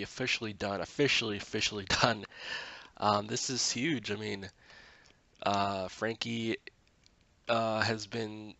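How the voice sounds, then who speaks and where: A man's voice: on the low side, sharp tone, no room sound. A man casually recapping a TV episode, rambling with lots of 'like' and 'um' and frequent self-corrections.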